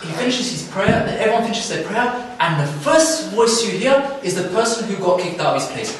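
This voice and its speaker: A young man giving a religious talk at a camp, telling a story in a lively way and acting out the people in it. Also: high-pitched, fairly quick, hardly any pauses, very echoey, recorded from a distance, slight background noise, poor audio. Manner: animated, acts out characters in the story. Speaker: camp speaker. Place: hall at a youth camp.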